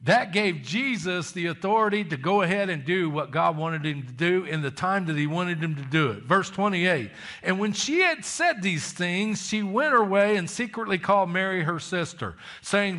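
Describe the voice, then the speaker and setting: This man delivers a sermon in a high, bright voice that is expressive and moderately paced. After reading scripture aloud, he presses the point with emphatic questions and calls for amens.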